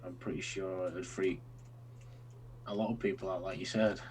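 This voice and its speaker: A man's voice: low-pitched, level tone, normal speed, poor audio. A man co-hosting a podcast, asking curious questions in a casual chat.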